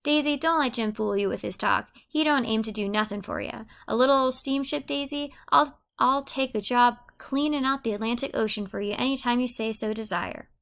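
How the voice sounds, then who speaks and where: Teasing young rival, read by a woman, mock-earnest, rural dialect, gravelly. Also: fairly high pitch, brisk, few pauses, fairly bright tone.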